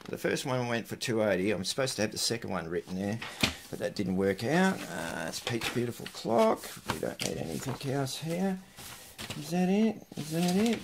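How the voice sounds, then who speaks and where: A gravelly-voiced man hosts a casual unboxing vlog in a noisy home recording. His pitch swings widely as he chats to viewers, and he drops into muttered asides to himself. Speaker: host opening mail.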